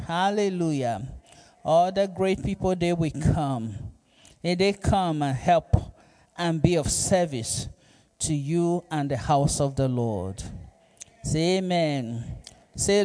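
A male pastor preaching a sermon, reading scripture and calling on the congregation to repeat after him in a slow, emphatic manner. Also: a little high, expressive, warm tone. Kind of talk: sermon with call-and-response.

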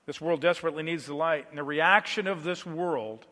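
A man preaching a sermon, moving between quiet, low passages and loud, emphatic declarations. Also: brisk, in a large hall.

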